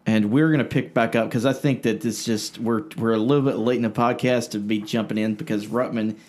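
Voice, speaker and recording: Podcast host guy, low voice, critical and chatty. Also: steady tone, fairly quick, darkish tone. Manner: critical, conversational. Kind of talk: casual podcast chat.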